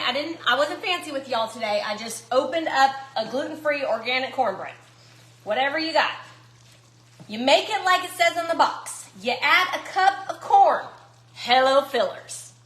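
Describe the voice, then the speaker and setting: A woman's voice: sits high, lively intonation, moderate pace, fairly bright tone, reverberant. A woman chatting casually to viewers while cooking in her home kitchen. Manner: chatty, folksy, talks to viewers as y'all. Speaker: cooking vlogger.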